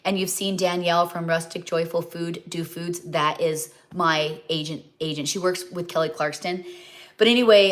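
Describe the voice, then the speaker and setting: With a lowish voice, a middle-aged woman chats casually while hosting a livestream as a home cook and cookbook author. Heartfelt and addressing her viewers directly, she rambles and frequently loses her train of thought.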